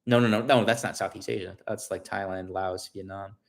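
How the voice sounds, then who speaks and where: A man in his forties chatting casually to his livestream viewers, rambling, restarting often and telling an animated story. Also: sits low, fairly quick, gravelly. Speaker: livestream host.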